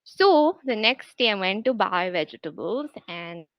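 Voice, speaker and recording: A woman's voice: mid-range voice, lively intonation, measured pace, dry recording. A woman voicing a breezily casual young killer. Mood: breezy. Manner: breezy, matter-of-fact and chatty. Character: cheerful, casually murderous young woman host. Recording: dull lo-fi recording.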